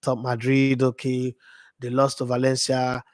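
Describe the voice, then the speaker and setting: A hoarse man, rambling excitably in a casual live-stream chat from his home as a football fan streamer. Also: mid-range voice, unhurried, no echo. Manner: excitable, rambling, repeats himself. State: hoarse, voice worn out from screaming.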